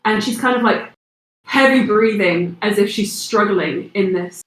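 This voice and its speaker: A woman's voice: mid-range voice, measured pace, roomy sound, rough recording. A woman narrating a tabletop role-playing game as its game master, describing the scene for the players.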